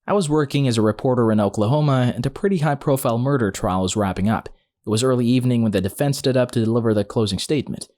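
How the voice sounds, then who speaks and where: A man reads short stories aloud one after another, in a steady, scripted narrator's delivery. His voice sits at an ordinary middle pitch. When he quotes people in the stories, he keeps them in his own voice. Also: fast. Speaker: story narrator.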